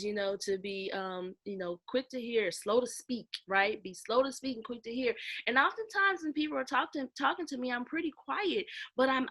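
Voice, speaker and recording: A woman's voice: fairly high pitch, a bit bright. A middle-aged woman minister talking animatedly in an interview, laughing often and speaking with emphasis. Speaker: guest, minister and author. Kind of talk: casual interview conversation.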